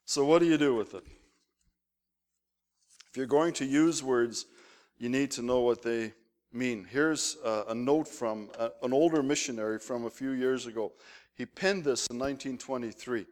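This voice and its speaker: A man preaching a sermon as pastor, telling lively, humorous anecdotes. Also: medium pitch, normal speed. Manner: animated anecdotal storytelling with humor.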